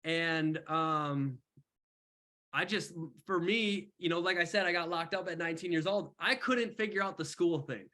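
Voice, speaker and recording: A young man mentoring on an online call, telling his story in casual, animated talk full of slang. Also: on the high side, moderate pace. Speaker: mentor speaker.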